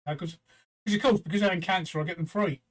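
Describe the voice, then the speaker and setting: An older man hosts a casual livestream chat from home, with a fairly high voice. He is blunt and crude, and fills his talk with ums and restarts. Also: quick pace. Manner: crude, blunt humour with many fillers. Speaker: host.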